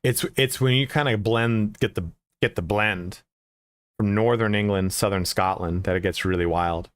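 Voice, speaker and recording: A man with a lowish voice ending a game stream, chatting loosely with his viewers. He swears constantly and rambles, stacking up filler words as he goes. The sound is dry and close, with no room around it. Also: normal speed, no room sound. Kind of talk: casual stream chat.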